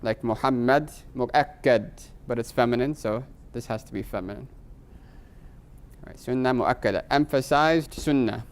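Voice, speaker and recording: A man at mid pitch teaches a grammar class with a relaxed, classroom tone. He often throws questions to his students and tags sentences with "right?". He slows down to sound out each technical term. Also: clean tone. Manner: quizzes students with frequent rhetorical "right?"; slows to spell out Arabic terms.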